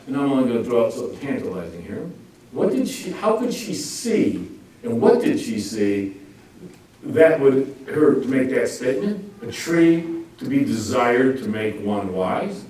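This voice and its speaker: Man, informal Bible teacher, lively jokey delivery, very echoey room, distant from the mic. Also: a little slow. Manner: jokey, animated, acts out quotes with lively pitch swings. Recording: roomy echo, speaker far from mic, faint noise.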